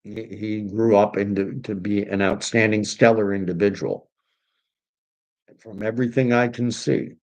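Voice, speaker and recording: A man's voice: on the low side, steady tone, measured pace, darkish tone, muffled recording. A man hosting a casual livestream and reading viewer comments, talking in a rambling, enthusiastic way with frequent restarts. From Canada. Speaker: online commentary host.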